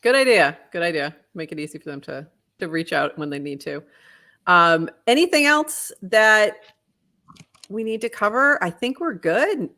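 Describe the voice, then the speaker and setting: A woman's voice: mid-range voice, animated, moderate pace, bright, forceful tone. A woman co-hosting a podcast, upbeat and affirming in casual chat. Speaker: podcast co-host.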